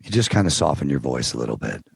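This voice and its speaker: A man telling stories as a podcast guest in casual interview chat, relaxed, now and then trying out character voices. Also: rumbling low, quick pace, creaky, breathy edge, dry recording, studio quality. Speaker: podcast guest, audiobook narrator.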